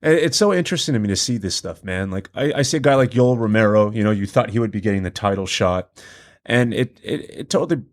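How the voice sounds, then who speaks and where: A man's voice: on the low side, animated, fast. A man appearing as a guest in a casual studio podcast chat, telling stories in a laid-back, slangy way and laughing often.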